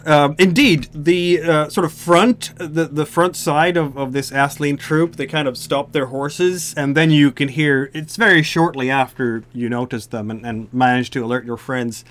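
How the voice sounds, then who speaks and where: A man narrating a tabletop game as the game master, unhurried and using frequent fillers. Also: on the high side, fairly even intonation, a bit bright.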